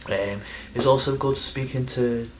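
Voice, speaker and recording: A man talks straight to camera in a loose, rambling vlog, stumbling over words and joking about his own memory. His voice sits at a middling pitch. A faint hum of room ambience sits behind him. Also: steady tone, measured pace. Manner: rambling, self-deprecating, lots of ums and restarts. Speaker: video game collector vlogger. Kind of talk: casual chatty vlog.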